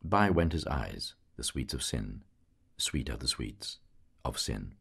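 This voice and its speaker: A man's voice: rumbling low, expressive, slow, gravelly, a bit bright, husky. A man narrating a literary audiobook in a lyrical, musical way. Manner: lyrical, musical reading with voiced characters.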